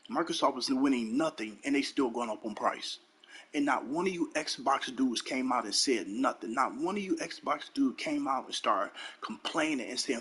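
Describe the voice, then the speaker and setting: A man with a husky, slightly rough voice delivers a heated, profane gaming rant. He hammers his points by repeating lines, sitting at an ordinary middle pitch for a man. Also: expressive, normal speed, fairly bright tone. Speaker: gaming channel host.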